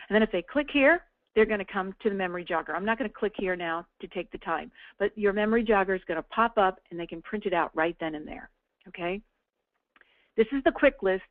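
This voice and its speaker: A woman's voice: medium pitch, dry recording. A woman team leader walking listeners through a business tool in a chatty, upbeat coaching manner, often checking in with "okay?". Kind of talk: casual webinar walkthrough. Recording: tinny phone-like audio.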